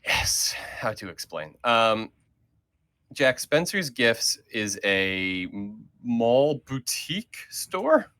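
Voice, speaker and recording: A man's voice: mid-range voice, big pitch swings, takes it slowly, sharp tone. A man leading a casual group chat as host, talking in a rambling way with many fillers and restarts.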